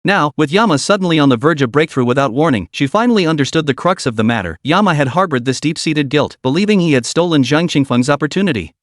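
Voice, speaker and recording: A man's voice: a little high, lively intonation, fast, hardly any pauses, no echo, studio quality. A man narrating a recap story in a scripted read, voicing all characters in the same plain voice.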